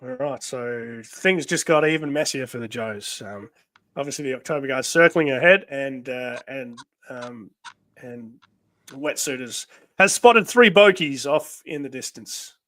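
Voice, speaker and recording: A man hosting a live comic read-through, rambling with many pauses and laughs. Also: mid-range voice, animated, pushed and bright, dry recording. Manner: rambling, full of ums and laughs. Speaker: host. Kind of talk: casual live-stream chat.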